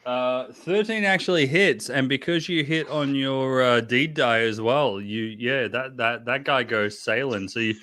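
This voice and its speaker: A man's voice: mid-range voice, unhurried, few pauses, sharp tone. A man acting as game master of a tabletop game, chatty and self-deprecating, often restarting his sentences.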